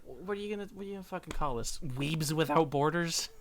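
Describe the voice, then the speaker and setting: A man's voice: on the high side, fast talker, a bit bright, a little hiss or hum. A young man from Illinois co-hosting a casual podcast chat, joking and laughing often. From Illinois, USA. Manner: giggly, joking, laughs a lot. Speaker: podcast co-host.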